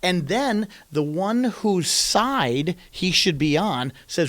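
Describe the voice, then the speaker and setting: A man's voice: sits high, very animated, slow pace, hardly any pauses, a bit bright, dry recording. A man preaching a sermon, retelling a story animatedly and acting out quoted lines in a raised voice.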